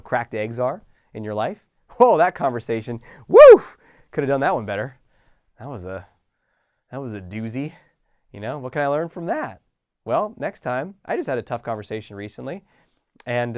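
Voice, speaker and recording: A middle-aged man coaching listeners in a casual, animated talk, acting out small scenes with sighs and laughs. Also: medium pitch, no echo, clean studio sound. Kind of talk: motivational talk to camera.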